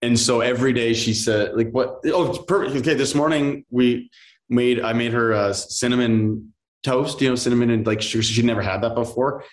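A man in his thirties, an actor chatting as a podcast guest, rambling and animated with lots of fillers. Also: medium pitch, moderate pace. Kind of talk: casual interview chat.

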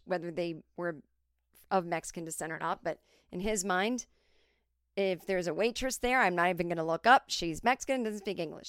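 A woman's voice: lowish voice, no room sound. Woman, 40s, solo comic storyteller, chatty, close dry sound. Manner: chatty, animated impressions of others. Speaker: podcast host.

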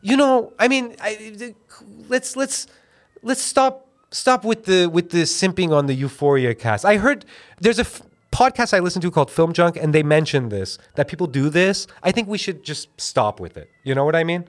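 Podcast host, young adult man, lively storyteller with a somewhat high, very expressive voice, does goofy voices. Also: normal speed. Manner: rambling, animated storytelling with silly put-on voices. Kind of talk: casual comedic podcast chat.

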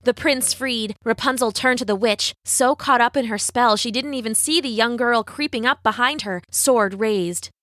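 A woman reading a fairy tale aloud with expressive, measured pacing. Her voice is bright and sits a little high, recorded close in a dry room with no echo. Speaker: storyteller. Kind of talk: storybook reading.

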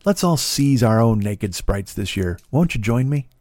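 A man's voice: medium pitch, expressive, a little slow, a little mellow, no room sound, studio quality. A man hosting a podcast, telling a long story in a casual, rambling, profane way and mocking himself as he goes. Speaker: podcast host.

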